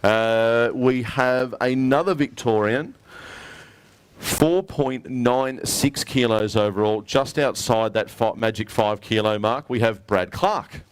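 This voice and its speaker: A man's voice: medium pitch, slow, clear, resonant tone, no echo. An Australian man emceeing a live prize presentation at an outdoor weigh-in, upbeat and matey as he calls up each winner. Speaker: tournament emcee.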